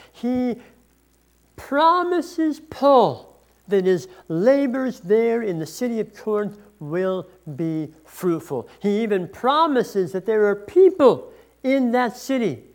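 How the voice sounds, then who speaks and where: A pastor preaching a sermon, reading scripture passages aloud with emphasis and explaining them. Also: medium pitch.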